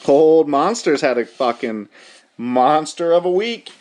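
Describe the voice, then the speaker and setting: A man's voice: fairly high pitch, lively intonation, a little slow, a little mellow. A young man hosting a podcast, rattling off hockey scores in a profane, rambling, mock-outraged casual rundown. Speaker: podcast host.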